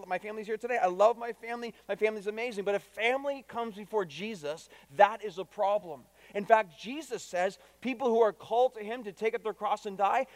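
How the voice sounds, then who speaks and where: High-voiced emphatic male preacher. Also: no echo, in a large hall. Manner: emphatic, repeats key phrases, asks the congregation direct questions. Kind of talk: sermon. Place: church.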